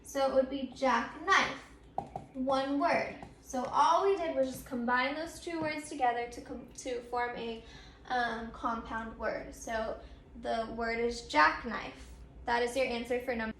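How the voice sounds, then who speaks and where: A woman's voice: on the high side, steady tone, unhurried, fairly bright tone, a little hiss or hum. A woman teacher explaining grammar step by step, repeating her points with frequent ums. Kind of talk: recorded grammar lesson. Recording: echoey room.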